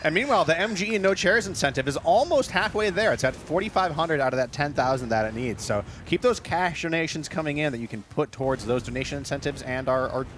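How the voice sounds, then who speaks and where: Man, stream co-host, lively, enthusiastic, slightly high voice, faint hiss. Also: fast, few pauses. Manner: enthusiastic, talks up guests and donation goals. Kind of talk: casual chat.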